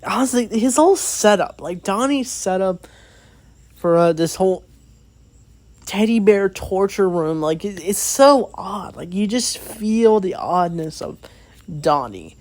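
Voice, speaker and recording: A man's voice: sits high, lively intonation, measured pace, a little mellow, dry recording. A man giving a casual, rambling movie review, recapping the plot with many fillers and quoted lines.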